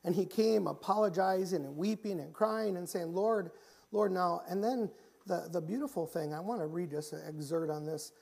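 A man preaching a church sermon, often repeating and restarting phrases and rising in pitch and volume when he reaches the pleading passages. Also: moderate pace, vocal fry, husky. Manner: grows louder and higher when pleading passages. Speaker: pastor. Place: church sanctuary.

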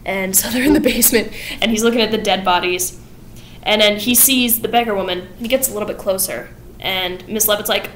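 A woman hosting a casual vlog, retelling a story in a chatty way and slipping into quick voices for the characters. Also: mid-range voice, fairly even intonation, slight background noise. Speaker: channel host. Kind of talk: casual plot summary vlog.

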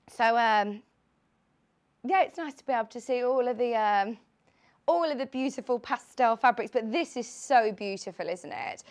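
A young woman in her late twenties hosts a live sewing shopping broadcast from a TV studio. Her voice sits a little high, and she talks in an excitable, chatty way, rambling warmly between product details. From United Kingdom. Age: late 20s. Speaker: shopping channel presenter.

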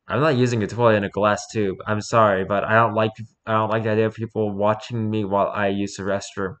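A man's voice: on the low side, a little fast, few pauses, fairly bright tone. A man casually reading posts aloud and reacting with wry, amused comments. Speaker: streamer reacting to memes. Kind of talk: casual chat.

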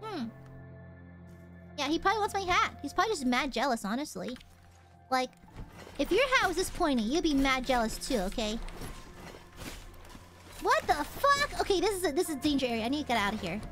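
A woman's voice: high-pitched, expressive, fast, a bit bright, soft background music. A woman streamer giving casual gameplay commentary, playful and boastful, swearing and talking to her chat.

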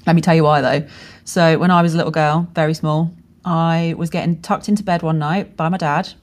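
A woman with a slightly low voice hosts a solo podcast about running a business. She talks frankly and casually, dropping swear words as she goes. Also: flat delivery, fairly quick. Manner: candid, swears freely, storytelling with laughs. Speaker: podcast host and brand strategist.

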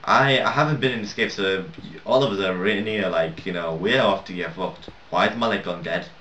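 This young man's voice sits low and sounds sharp, moving at a moderate pace as he rambles and swears through casual gameplay commentary, laughing at his own mistakes. English isn't his first language. The recording is lo-fi and roomy from a distant home mic, with slight background noise.

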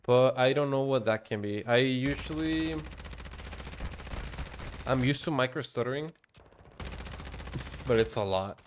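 A man chatting through his own gameplay in loose, rambling commentary, muttering and cursing as he plays. His pitch sits in an ordinary middle range, and game gunfire sounds behind him. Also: measured pace, long pauses, slight background noise. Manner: rambling, swearing, muttering to himself. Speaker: streamer.

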